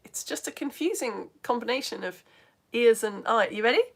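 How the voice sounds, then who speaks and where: A British woman, a physics teacher, chatting brightly on a live-stream lesson and hopping between asides. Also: fairly high pitch, animated, vocal fry. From United Kingdom. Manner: bubbly, chatty, jumps between topics, quick asides. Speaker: physics teacher and livestream host.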